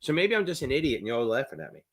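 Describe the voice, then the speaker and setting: A middle-aged man with a New Jersey accent, tutoring on a live-stream Q&A in a rambling, profane, excitable way. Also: medium pitch, rapid-fire. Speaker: exam prep tutor.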